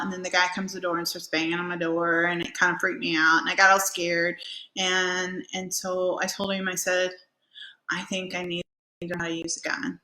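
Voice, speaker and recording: A woman's voice: mid-range voice, bright, forceful tone. A woman host talking casually and animatedly, telling personal stories with lots of fillers. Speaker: podcast host. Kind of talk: casual motivational monologue. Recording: echoey room.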